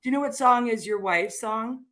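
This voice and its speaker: A woman's voice: fairly high pitch, normal speed, a bit bright, a little hiss or hum. A woman co-hosting a live morning stream, trading teasing comebacks. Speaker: co-host of a live morning show. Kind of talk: joking live-stream banter.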